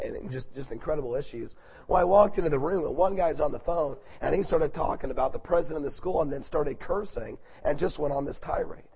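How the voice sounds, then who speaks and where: A man preaching a sermon, swinging from loud, forceful preaching to soft, hushed storytelling. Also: mid-range voice, husky, dull audio.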